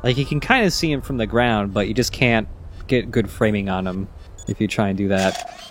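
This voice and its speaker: A man's voice: fairly low pitch, normal speed, a little hiss or hum. A man giving casual, rambling commentary while playing a video game. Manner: chatty, rambling with many fillers. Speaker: let's play commentator. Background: game music.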